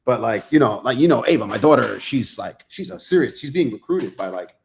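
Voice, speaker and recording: A man's voice: medium pitch, lively intonation, brisk, vocal fry, slight background noise. A man appearing as a guest author, chatting casually with slang and laughter. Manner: laid-back, slangy, laughing storyteller. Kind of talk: casual chat.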